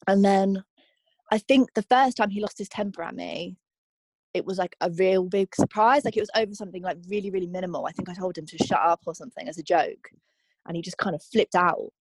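A woman's voice: on the low side, fairly even intonation, a little fast, slightly rough, dry recording. A young woman being interviewed, telling her own story in a candid, reflective way with frequent ums and likes. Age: young adult. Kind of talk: personal testimony interview.

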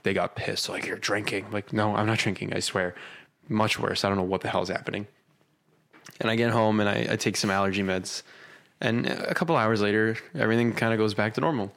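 A man's voice: on the low side, gravelly, fairly bright tone. A young man in his twenties, co-hosting a casual comedy podcast and telling rambling stories full of quoted asides. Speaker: podcast co-host.

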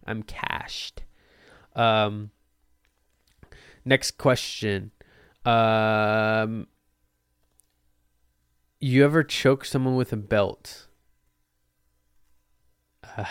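Young male podcaster, loose and joking, low-ish voice, dry close mic. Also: vocal fry, clean tone, no room sound. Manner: loose, jokey, swears freely. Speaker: podcast host. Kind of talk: casual solo podcast Q&A. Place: Portland.

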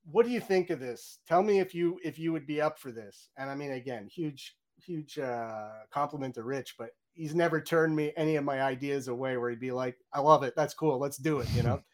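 A middle-aged man, a game audio director, chatting in an interview and acting out his own reactions in quoted lines. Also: mid-range voice. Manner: fast, chatty, many "you know"s and restarts. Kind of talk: candid interview storytelling.

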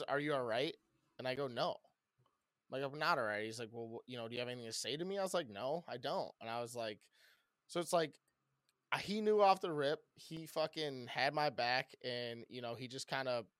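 A man co-hosting a casual podcast, telling a story loudly and rambunctiously with a lot of swearing. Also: medium pitch, dry recording, clean studio sound. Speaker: podcast co-host.

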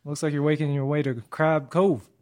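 A man's voice: a little high, level tone, fairly quick, a little mellow, natural voice. A game master voicing a friendly, chatty middle-aged male farmer with a put-on Southern US drawl. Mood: warning. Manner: folksy, hospitable, chatty.

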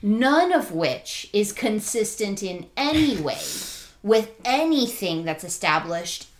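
A woman's voice: medium pitch, big pitch swings, takes it slowly, slight background noise. A woman co-hosting a casual podcast, talking through a book thoughtfully and analytically, with frequent ums. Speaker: podcast co-host.

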